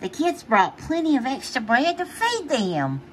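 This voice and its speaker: A woman reading a children's picture book aloud, playful and animated, laughing often between pages. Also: high-pitched, unhurried, a little hiss or hum. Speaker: storybook reader.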